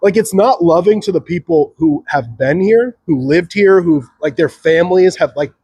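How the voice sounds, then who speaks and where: A man's voice: high voice, normal speed, dark tone, husky, no echo. A man hosting a solo opinion show, rambling sarcastically with frequent chuckles. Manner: sarcastic, chuckling, mocks others in put-on voices. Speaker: podcast host.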